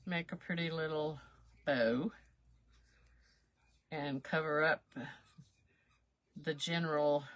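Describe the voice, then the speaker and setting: A woman's voice: low-pitched, fairly bright tone, no echo. A woman, hosting a chatty crafting livestream and laughing at herself as she works. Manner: folksy, self-chuckling, talks while working.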